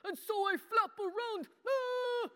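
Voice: sits high, animated, slow pace, fairly bright tone, full character voice. An adult voicing a simple, earnest boy puppet who talks in broken childlike grammar and calls himself by name in a children's sermon. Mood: earnest childish. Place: church hall. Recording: long church-hall reverb.

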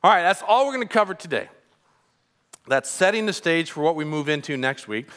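A man's voice: on the high side, animated, a little fast. A pastor preaching a sermon, emphatic and putting questions to his congregation. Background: soft music.

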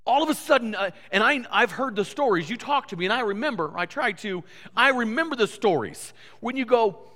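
A man preaching a sermon in a church, telling stories in an animated way and often repeating his words. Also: very high-pitched, brisk. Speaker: pastor. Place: church sanctuary. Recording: reverberant church hall.

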